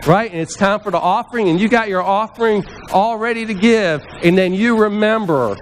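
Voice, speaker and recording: A man's voice: high-pitched, slight background noise. A man preaching a conversational sermon as a pastor in a church, often asking the listeners questions and acting out the voices he quotes. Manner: chatty, asks the congregation questions, acts out quoted voices. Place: church sanctuary.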